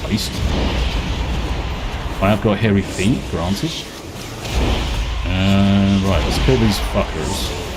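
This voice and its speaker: A man's voice: low voice, fairly even intonation, takes it slowly, long pauses, very noisy. A British man streaming a game, ranting and swearing freely in casual chat. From Britain. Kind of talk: casual live-stream chat while gaming.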